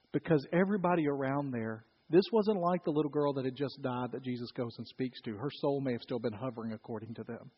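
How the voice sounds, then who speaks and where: A man preaching a sermon as a pastor, telling the story dramatically and swinging between loud calls and hushed stretches. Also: fairly high pitch, slightly rough. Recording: dull audio with long reverb.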